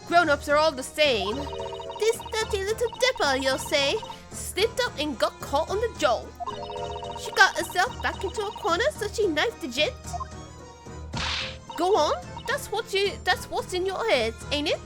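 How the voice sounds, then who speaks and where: A woman puts on a brash, cheeky Cockney pickpocket girl, voice pitched high and bouncing all over. She sounds sure of her own street skills, with game music clearly playing underneath. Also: animated, unhurried. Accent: put-on Cockney. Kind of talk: streamer voicing game dialogue.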